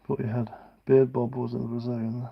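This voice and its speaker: Relaxed rambling Englishman on a stream. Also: mid-range voice, a little fast, creaky, slightly rough, dull audio. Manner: relaxed, rambling, self-mocking. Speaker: live stream host. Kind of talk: casual chat while carving. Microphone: headphones with mic.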